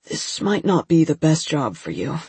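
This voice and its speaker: A woman voicing a gruff middle-aged male airport agent who barks at first and then turns dismissive. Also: deep voice, very animated, moderate pace, dry recording, full character voice. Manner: barking, suspicious, then gently dismissive.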